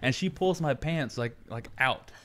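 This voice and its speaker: A man's voice: medium pitch, unhurried, heavy background noise. A man, a podcast guest, telling a story in casual chat and acting out the voices of the people he quotes. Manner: animated, acts out quoted voices while telling stories.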